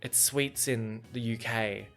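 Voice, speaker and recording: A man's voice: medium pitch, steady tone, slow, gravelly, fairly bright tone, faint music behind. A young Australian man hosting a casual solo podcast, chatty and rambling, laughing often. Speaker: podcast host.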